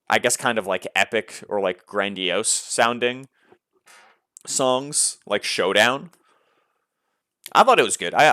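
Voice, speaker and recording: A man's voice: medium pitch, dry recording, clean studio sound. A man hosting a podcast, chatting casually about music with lots of fillers. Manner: relaxed, many fillers, enthusiastic about music. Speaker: podcast host.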